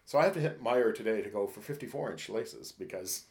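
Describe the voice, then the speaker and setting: A man's voice: lowish voice, animated, fast talker, darkish tone. A man co-hosting a podcast in casual chat, candid and profane, acting out his own inner dialogue. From Michigan. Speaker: podcast co-host. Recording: roomy echo.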